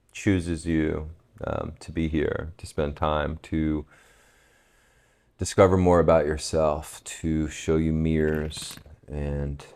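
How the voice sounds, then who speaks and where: A man from West Virginia, a podcast guest, telling a relaxed, reflective story and laughing at himself. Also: a bass voice, vocal fry, clean tone. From West Virginia, USA. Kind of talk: casual storytelling conversation.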